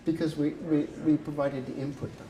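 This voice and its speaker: An older man, an urban planner, telling animated stories at a conference. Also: on the high side, fairly quick, dull audio. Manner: animated, chatty storyteller. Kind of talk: storytelling presentation. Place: conference room. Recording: echoey room with faint noise.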